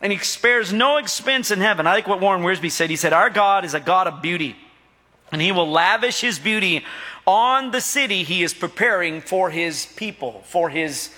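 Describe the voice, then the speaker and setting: A middle-aged male pastor preaches with a high, bright, ringing voice. He jokes, tells stories and keeps asking the church to answer back. His voice carries a long reverb through the church hall. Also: lively intonation, normal speed. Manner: jokey, storytelling, asks the congregation for responses. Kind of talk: sermon.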